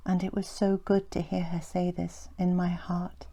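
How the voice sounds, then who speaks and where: Soft-spoken woman narrating her memoir. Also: lowish voice, monotone. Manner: soft, slow and reflective, often sinking to a breathy near-whisper. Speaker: author reading her memoir.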